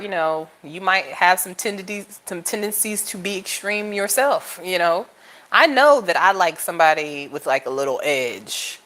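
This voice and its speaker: A young adult woman with a slightly low speaking voice chats casually to camera as the host of a tarot channel. She tells stories with lots of energy and jumps into high, playful voices when she quotes people. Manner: animated storytelling, jumps to high-pitched voices for quoted lines, laughs often.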